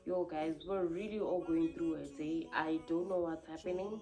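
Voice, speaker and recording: A woman's voice: low-pitched, fairly even intonation, normal speed, music in the background. A young woman, venting candidly to camera in a confessional vlog, rambling and heartfelt with many fillers and restarts. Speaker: vlogger.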